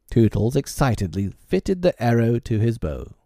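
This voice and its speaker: A man reading a children's storybook aloud in an expressive storytelling manner. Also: mid-range voice, normal speed, no room sound, clean studio sound. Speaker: narrator.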